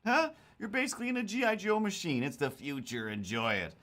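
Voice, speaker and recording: Man voicing a high-pitched, bragging gadget car, loud and showy like a cartoon salesman. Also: wildly swooping pitch, a little fast, exaggerated voice. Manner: showy, eager salesman patter. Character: boastful high-tech talking car.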